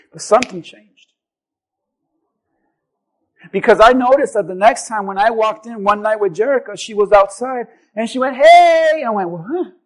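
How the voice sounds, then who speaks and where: Very high-voiced man preaching a sermon. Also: low-quality recording. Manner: animated, builds from soft storytelling to shouted exhortation. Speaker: pastor. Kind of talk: sermon with personal storytelling.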